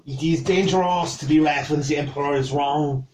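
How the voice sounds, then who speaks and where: A man's voice: fairly high pitch, steady tone, normal speed, a little mellow, roomy sound, slight background noise, close to an everyday voice. A man voicing a defiant peasant woman with a French accent in a tabletop game. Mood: scornful. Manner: defiant, suspicious, proud. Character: defiant Bretonnian peasant woman drinking wine.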